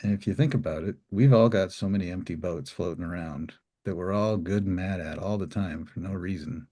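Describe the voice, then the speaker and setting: Male guest, deep and husky, rambling storyteller. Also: fairly quick. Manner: relaxed, rambling, many fillers. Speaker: interview guest. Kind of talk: reflective storytelling.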